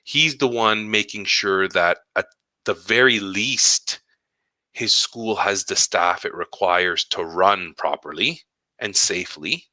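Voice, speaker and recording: An elementary school teacher tells stories about his work in a casual podcast monologue, acting out conversations along the way. His voice is low and slow, and the recording is dry.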